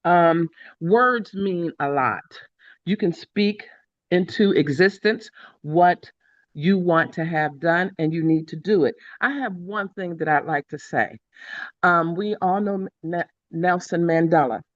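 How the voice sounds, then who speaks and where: A woman sharing her reflections on a group call in a measured way, with frequent pauses and ums. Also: lowish voice, no room sound, muffled recording. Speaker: call participant.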